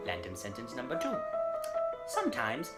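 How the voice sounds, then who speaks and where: Teen guy putting on a fake posh english gent, lively swoopy voice, music loud behind. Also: medium pitch, normal speed, pitched below the performer's own voice. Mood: mock-posh. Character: pompous male host in a put-on English accent.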